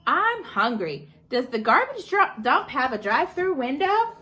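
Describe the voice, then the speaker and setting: A cheeky, hungry billy goat from a picture book, pitched a little higher and livelier than a plain reading voice, as a woman reads him. he sounds eager, with a bright, lively lift to each line. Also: measured pace, heavily acted. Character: hungry male barnyard goat.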